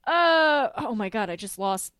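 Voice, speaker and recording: A woman's voice: on the high side, unhurried, clear, resonant tone, dry recording, clean studio sound. A woman hosting a podcast, recapping an episode in casual chat, laughing often and swearing freely. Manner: animated, laughing, swears freely, acts out quotes.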